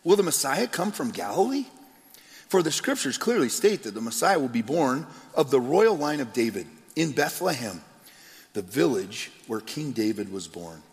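A man preaching a sermon as pastor, telling the story with animated, acted-out quotes. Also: mid-range voice, normal speed. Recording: long hall reverb.

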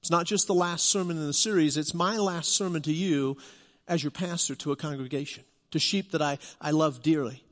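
A man's voice: on the high side, steady tone, brisk. Earnest preaching man in a reverberant hall. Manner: earnest preaching, rising to emphatic questions. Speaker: pastor. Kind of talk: sermon.

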